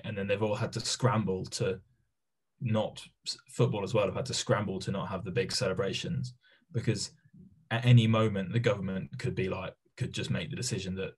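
Male co-host, low husky voice, matter-of-fact, casual chat. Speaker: podcast co-host.

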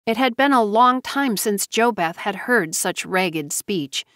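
Female audiobook narrator, measured, mid-range voice, dry studio sound. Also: medium pitch, expressive, fairly bright tone, no room sound. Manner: measured storytelling.

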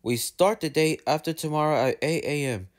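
A man's voice: moderate pace, lightly acted. A man voicing a stern, pompous railway boss in a storybook reading. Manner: stern, booming.

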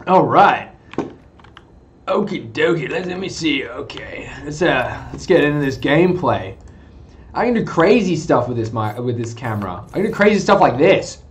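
A man's voice: on the high side, sing-song, moderate pace, slight background noise. A man streaming to his viewers in goofy, hyped chatter through a cheap webcam mic, swearing, laughing and whooping.

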